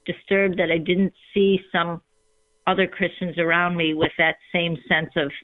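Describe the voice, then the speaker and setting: A woman telling her personal faith story in a reflective, unhurried way, with frequent ums. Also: on the low side, level tone, no echo. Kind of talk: personal testimony in conversation. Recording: tinny phone line.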